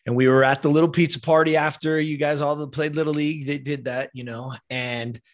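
A man's voice: fairly high pitch, fairly even intonation, brisk. A man in his fifties from the United States tells a heartfelt personal story as a podcast guest. He talks casually, leans on "like" and "you know", and swears now and then. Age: 50s.

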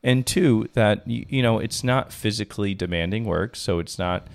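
A man's voice: fairly low pitch, normal speed, creaky. A man co-hosting a podcast, chatting casually with his partner in a hesitant, wry way with frequent restarts. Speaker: podcast co-host. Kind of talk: casual couple chat.

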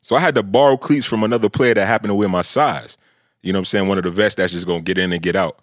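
Laid-back man in his thirties, low voice. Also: steady tone, racing, no room sound, clean studio sound. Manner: laid-back, lots of "bro" and "you know what I'm saying". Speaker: former pro football offensive lineman, podcast guest. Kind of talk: casual chat, storytelling.

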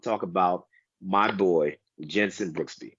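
A fairly low-voiced American man talks tennis in a loose, rambling way, restarting his sentences and throwing in animated asides. The sound is dull and lo-fi, with a dry, close feel and no room around it. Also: slow pace, husky, no echo. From United States. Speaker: guest DJ and tennis fan. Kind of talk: casual podcast chat.

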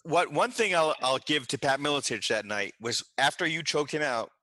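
A male host trades jokes and teasing remarks in relaxed conversation. His voice sits a bit high and sounds bright and forceful. The sound is dry and close. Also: normal speed, no room sound. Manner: joking, teasing banter. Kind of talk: casual chat.

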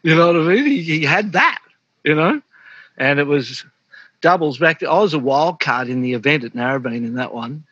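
A man's voice: on the high side, animated, moderate pace, fairly bright tone, slightly rough, no room sound, lo-fi sound. A middle-aged man with an Australian accent, telling stories in a casual interview, laughing often and saying "mate" a lot. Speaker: interview guest, former pro surfer. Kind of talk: casual storytelling.

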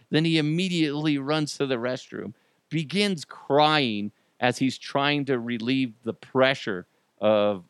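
A man hosting a comedy podcast, riffing in an animated, jokey way with mock outrage and silly voices. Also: mid-range voice, no room sound. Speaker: podcast host.

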